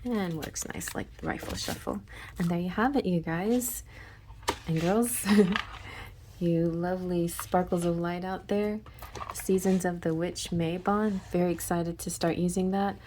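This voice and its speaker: A woman hosting her own channel, flipping through a card deck and reading its texts in a soft half-whisper between casual, laughing asides. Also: on the low side, measured pace, noisy background. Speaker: tarot channel host. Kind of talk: deck flip-through review.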